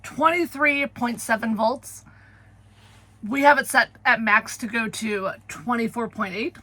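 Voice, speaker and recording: Chatty woman vlogger, breathy. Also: on the high side, unhurried, bright, forceful tone, no room sound. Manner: chatty, laughs often. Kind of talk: casual vlog narration.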